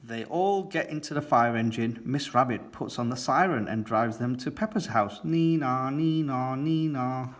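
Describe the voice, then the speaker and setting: A man reading a picture book aloud to children, gentle and friendly. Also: medium pitch, expressive, normal speed, hardly any pauses. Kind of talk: read-aloud storytelling.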